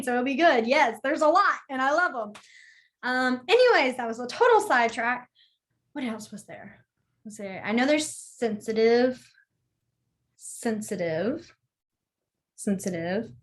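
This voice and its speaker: A woman's voice: on the high side, fairly bright tone. A young woman, teaching a beginner sign language class in a chatty, rambling way. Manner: chatty, rambling, apologizes for sidetracks. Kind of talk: casual online class teaching.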